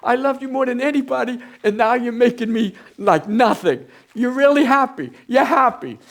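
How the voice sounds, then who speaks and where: A man voicing the biblical Job, an anguished and bitter man crying out against God in a high, strained voice. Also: animated, normal speed. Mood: bitter, accusing. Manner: high-pitched, strained, near-shouting lament.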